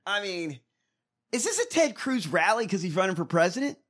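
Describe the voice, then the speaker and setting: A man's voice: high voice, very animated, brisk, a bit bright. A man co-hosting a casual political chat show, sarcastic and profane, laughing often. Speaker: podcast co-host.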